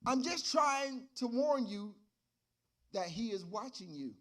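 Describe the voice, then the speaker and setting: A man voicing a parrot that calmly warns a burglar, low and quiet. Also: slow pace, heavily acted. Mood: deadpan. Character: cheeky warning male parrot.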